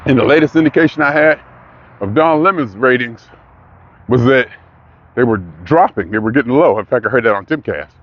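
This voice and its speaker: A man's voice: mid-range voice, expressive, fairly quick, dull audio. A man in a casual monologue, rambling and questioning himself, sometimes mocking others in put-on voices. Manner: rambling, self-questioning, restarts often. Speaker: vlogger.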